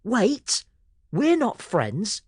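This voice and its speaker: A man voicing a flustered nine-year-old boy who wails and yelps in a high shrill voice. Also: huge pitch swings, very slow, darkish tone, breathy edge, no room sound, studio quality, full character voice. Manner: high shrill wailing, indignant.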